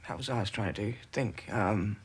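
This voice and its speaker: A former military airman recalls events haltingly in a documentary interview, with many pauses and fillers. His voice is on the low side and slightly rough.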